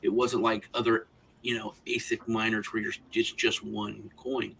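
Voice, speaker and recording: A man's voice: lowish voice, little pitch movement, moderate pace, creaky, fairly bright tone, slight background noise, poor audio. A man co-hosting a casual roundtable chat, telling long rambling anecdotes. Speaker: co-host.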